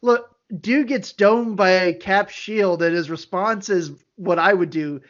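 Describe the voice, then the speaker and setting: A podcast co-host chats casually, rambling animatedly and dropping in many fillers. His voice sits high with a fairly bright tone and a measured pace, and the recording sounds dull and lo-fi.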